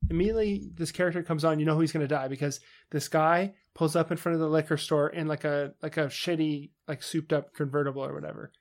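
A man co-hosting a podcast in loose, casual chat. He rants with animated energy and jumps into funny voices when quoting characters. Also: on the high side, fast, hardly any pauses. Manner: animated ranting, acts out quotes in funny voices. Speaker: podcast co-host.

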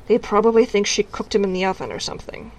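Storybook witch: stern, dry, sardonic, mid-pitched; read by a woman. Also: fast, close to an everyday voice, low-quality recording.

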